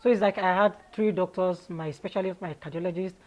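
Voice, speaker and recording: A Nigerian woman, an interview guest, telling her own story in a candid, lively way and laughing often. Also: lowish voice, fairly quick, muffled recording.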